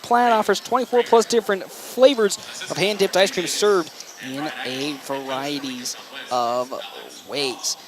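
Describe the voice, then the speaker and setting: A man calling a local high school basketball broadcast, chatty and rambling with self-corrections. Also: steady tone, measured pace, a crowd in the background. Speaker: play-by-play broadcaster. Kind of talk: local radio sports commentary.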